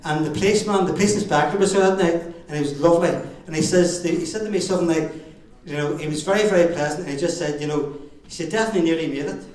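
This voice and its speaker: A man's voice: a little high, quick pace, few pauses, darkish tone. A middle-aged man with a Northern Irish accent giving a father-of-the-bride wedding speech, telling jokey stories with chuckles. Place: wedding reception hall. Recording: very echoey hall, far from the mic.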